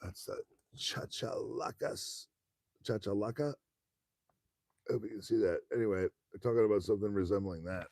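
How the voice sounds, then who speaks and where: A man's voice: fairly low pitch, fast talker, mellow, no echo. A man teaching a casual lesson, reading a textbook aloud in a laid-back, slangy way, often stumbling over words, recorded on a phone.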